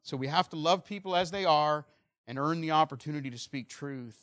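Preaching man with a higher voice. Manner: earnest preaching, swings between loud emphasis and quiet, slow stresses. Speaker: pastor. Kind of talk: sermon.

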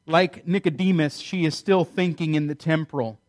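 Male pastor, higher-pitched voice, animated sermon delivery with sarcastic asides. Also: normal speed, hardly any pauses.

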